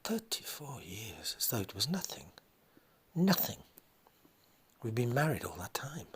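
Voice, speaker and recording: A man's voice: low-pitched, animated, takes it slowly, a bit bright, breathy edge, exaggerated voice. A man voicing a distraught middle-aged wife whose husband is leaving her, pleading and often breathless and whispered. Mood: shaken.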